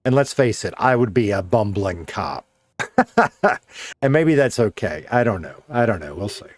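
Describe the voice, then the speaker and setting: A man's voice: on the low side, lively intonation, unhurried, no echo. A man streaming a game, chatting casually and thinking aloud in a rambling, self-deprecating way. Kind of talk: casual live-stream chat while playing.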